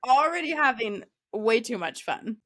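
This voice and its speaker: A woman's voice: fairly high pitch, big pitch swings, normal speed, a bit bright. A young woman co-hosting a podcast, chatting casually with many fillers and frequent laughter. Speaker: podcast co-host. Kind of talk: casual chat.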